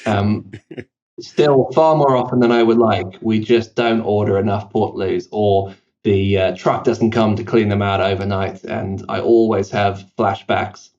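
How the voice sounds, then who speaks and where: The audio is dull, and the man's voice is low, darkish, and fairly even in intonation. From South Africa, with a blended British and South African accent, he appears as a CEO guest on a podcast, rattling off self-deprecating stories with plenty of fillers and restarts.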